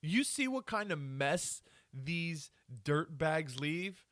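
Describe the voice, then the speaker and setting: A man's voice: on the high side, sing-song, slow, fairly bright tone, no echo, studio quality. A man hosting a podcast, ranting angrily and swearing a lot, trailing off and restarting his sentences. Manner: angry, profane ranting with rambling restarts. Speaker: podcast host. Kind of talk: solo podcast rant.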